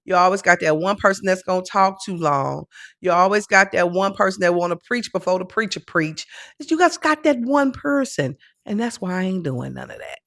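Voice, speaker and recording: A woman hosting a casual chat show, talking in an animated, joking, chatty way. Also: lowish voice, normal speed, no echo, clean studio sound. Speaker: host.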